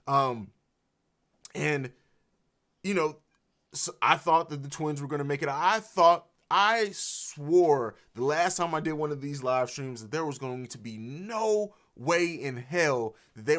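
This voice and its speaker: A man's voice: mid-range voice, a bit bright. A man hosting a live reaction stream, talking with emotion, swearing freely and restarting his sentences. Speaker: livestream reaction host. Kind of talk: emotional unscripted reaction livestream. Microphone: streaming mic.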